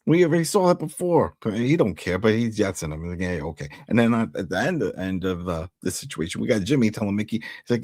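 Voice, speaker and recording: Speaking in a fairly low pitch at a moderate pace, a man who was once an altar boy, now an adult, casually recaps a TV show and animatedly acts out the characters' lines in quotes. The audio is studio quality, without any room sound.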